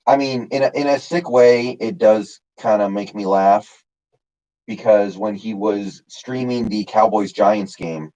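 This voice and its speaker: A man's voice: fairly low pitch, a little slow, darkish tone, dull audio. A man casually chatting on his live stream, answering chat by name with lots of fillers. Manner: rambling, reads chat names, many fillers.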